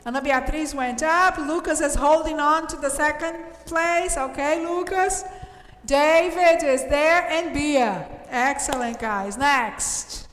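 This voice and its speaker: A woman English teacher from Brazil reviewing a class quiz, explaining slowly and cheering her students on. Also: sits high, fairly bright tone. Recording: echoey room with long reverb.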